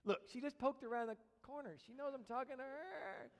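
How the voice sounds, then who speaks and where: A man preaching a sermon as a pastor, animated, acting out quoted voices and speaking directly to his congregation. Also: very high voice, fairly quick. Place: church sanctuary. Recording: long church reverb.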